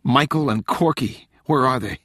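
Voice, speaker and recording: A man's voice: mid-range voice, normal speed, fairly bright tone, husky, no echo, clean studio sound, pitched above the performer's own voice. A man voicing a young woman in shock and pain, pleading and panicked in an audiobook. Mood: confused.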